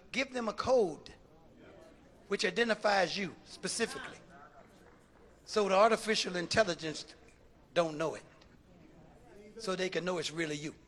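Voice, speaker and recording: A man preaching a fiery sermon as a bishop, shouting and repeating phrases rhythmically and calling out to the congregation. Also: high-pitched. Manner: shouting, rhythmic repetition, call-and-response.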